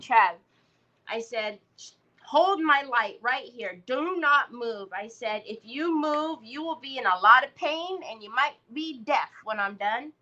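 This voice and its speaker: A woman's voice: on the high side, sharp tone, highs cut off. A middle-aged woman, chatting and telling stories to viewers while crafting on a live stream. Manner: chatty storytelling, talks to viewers. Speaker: craft livestream host. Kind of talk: casual chat while crafting.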